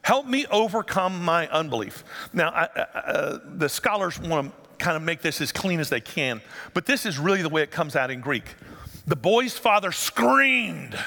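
A man preaching a lively sermon, his fairly high voice bright and ringing. He keeps throwing rhetorical questions at the congregation. The sound trails off into the long reverb of a church sanctuary. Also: moderate pace, creaky. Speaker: pastor.

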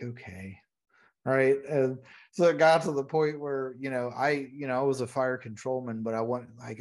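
A man telling a lively story in a relaxed chat as a podcast guest, a retired Navy veteran. He laughs often and acts out the people he quotes. His voice sits at a middle pitch. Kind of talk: casual storytelling.

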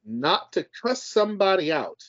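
A man's voice: sits high, sing-song, moderate pace, a bit bright, no room sound. A man co-hosting a casual podcast. He talks with emphasis and passion and swears freely. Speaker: podcast co-host. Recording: dull dry podcast audio.

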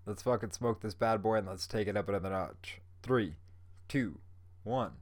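A stoned man rambles through his own podcast, swearing freely and laughing between stories. His voice sits on the low side and comes across dry and close to the mic, with no room sound around it. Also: fairly even intonation, fast, no room sound. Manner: laid-back, profane, rambling, laughs often. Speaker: podcast host.

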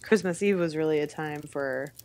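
A woman's voice: low-pitched, normal speed, creaky, a little mellow, slight background noise. A woman co-hosting a podcast, telling rambling stories in casual chat, mocking herself and laughing often. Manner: rambling storyteller, self-deprecating, laughs often. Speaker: podcast co-host.

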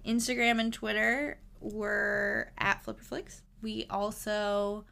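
A woman's voice: mid-range voice, flat delivery, slow pace, creaky, bright, forceful tone. A woman co-hosting a casual podcast, giggly and teasing, running through the show's plugs. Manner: giggly, teasing, reads out show details. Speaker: podcast co-host.

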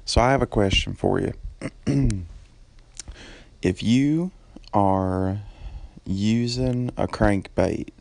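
A man's voice: on the low side, extremely slow, creaky, long pauses, darkish tone, no echo, voice pushed down, full character voice. A man voicing an eager male caller with a put-on Southern US country drawl.

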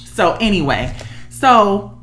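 A woman's voice: mid-range voice, very animated, slow pace, background noise. A woman on the verge of tears, telling a personal story in an emotional, emphatic way as a podcast co-host. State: close to tears.

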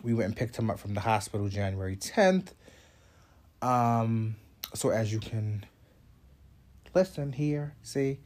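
A man's voice: on the low side, animated, measured pace, pauses often, darkish tone. A man with a congested voice, hosting a casual vlog update and rambling chattily with fillers and asides. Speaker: show host.

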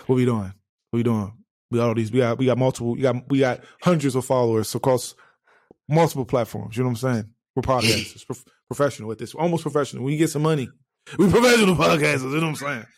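Fast-talking, animated man ranting. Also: mid-range voice, no echo, studio quality. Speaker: podcast co-host. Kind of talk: casual comedic rant.

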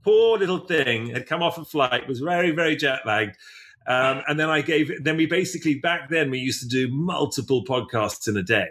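A man's voice: mid-range voice, expressive, normal speed, a bit bright. A man co-hosting a podcast, talking in a chatty, rambling way with many restarts. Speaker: podcast co-host. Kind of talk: casual chat.

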